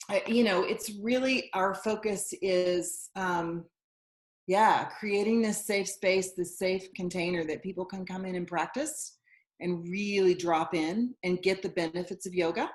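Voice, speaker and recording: A woman guest who runs a yoga studio, explaining things earnestly in a casual interview. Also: mid-range voice. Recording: echoey room.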